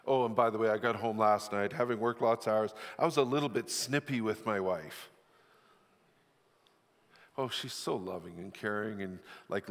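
A man's voice: medium pitch, fairly bright tone. Middle-aged man preaching in an echoing hall. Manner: candid, self-deprecating storytelling. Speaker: pastor. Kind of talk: sermon. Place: church sanctuary.

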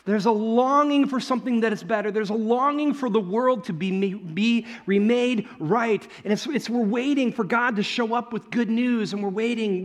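A male pastor preaching a sermon in a relaxed, conversational way. His voice sits high for a man, and he slips into little acted-out voices when he quotes people. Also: moderate pace, few pauses. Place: church.

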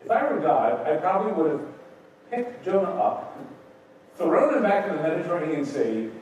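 A man's voice: a little high, sing-song, moderate pace, darkish tone, dull audio, a little hiss or hum. A male pastor giving an evening sermon, teaching in a conversational way with rhetorical questions and acting out quotes. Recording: echoey room from a distant mic.

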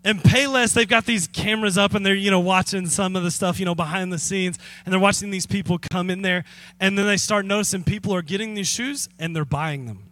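Man, pastor, sermon, high voice, bright, animated storytelling. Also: brisk. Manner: animated storytelling with chuckles and asides to the congregation.

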